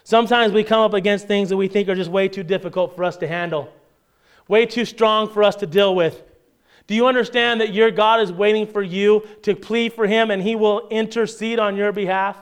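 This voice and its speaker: A male preacher with a high, smooth, clear voice. He tells stories in his sermon and acts out the people in them. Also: a little fast. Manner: animated storytelling, acts out the characters' voices.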